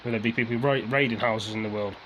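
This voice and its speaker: A man venting into the camera in a loose, rambling rant. His voice sits at an ordinary middle pitch, and he circles back to the same points, swearing as his frustration builds. A faint hum of background noise sits behind him. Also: fairly even intonation, quick pace, a bit bright, low-quality recording. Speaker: vlogger. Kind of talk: casual ranting to camera.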